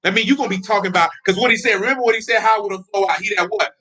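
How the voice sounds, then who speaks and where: Male preacher, high and forceful delivery; blunt, confrontational street-talk sermon with laughing asides. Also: rapid-fire. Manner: blunt, confrontational, repeats "you know what I'm talking about"; breaks into laughter between points.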